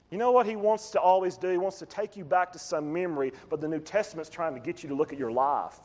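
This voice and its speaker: Male pastor, high voice, dramatic preaching from hush to shout, hall reverb. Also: fast, few pauses. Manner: preaching with big swings from quiet to loud. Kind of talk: sermon.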